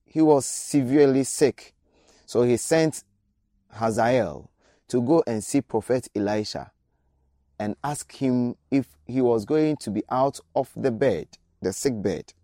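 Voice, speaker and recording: A man's voice: medium pitch, unhurried, dark tone, no echo, clean studio sound. A man preaching a radio sermon, exhorting his listeners with repeated direct appeals.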